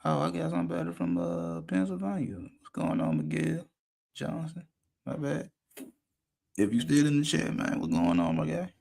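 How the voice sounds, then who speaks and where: A man hosting a casual livestream show, rambling and slangy, talking a lot while high. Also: big pitch swings, normal speed, vocal fry, a little mellow. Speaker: podcast host.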